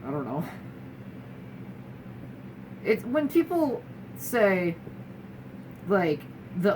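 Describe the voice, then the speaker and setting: A woman's voice: mid-range voice, big pitch swings, slow pace, pauses often. Young woman, wry, candid, lots of restarts, sounds a bit far off from the mic, noisy room. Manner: candid, wry, restarts often, mimics others mid-sentence. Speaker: guest sharing her experience. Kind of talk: casual talking-head chat.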